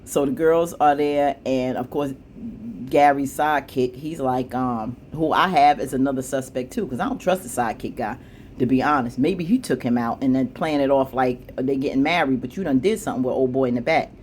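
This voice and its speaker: A woman casually recapping a TV episode, chatty, with plenty of asides, acting out the characters' lines with jumps in pitch. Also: brisk, a little mellow, a little hiss or hum. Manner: chatty, frequent fillers and asides. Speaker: TV show recap vlogger.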